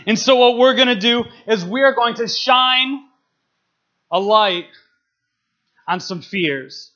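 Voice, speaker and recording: A man's voice: very high-pitched, slow, sharp tone, muffled recording. A young man speaking as a guest in a church service, playful and emotional, laughing as he talks. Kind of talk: jokey church talk.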